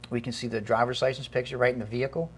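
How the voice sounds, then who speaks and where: A man's voice: medium pitch, little pitch movement, very fast, husky. A male police chief on a talk show, explaining stop procedure and acting out exchanges between officers and citizens.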